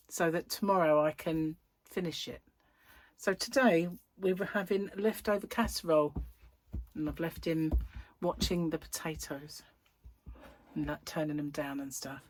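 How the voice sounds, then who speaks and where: A middle-aged woman with a husky voice, hosting a rambling, casual chat and telling anecdotes with frequent laughs. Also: low voice, dry recording. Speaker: host.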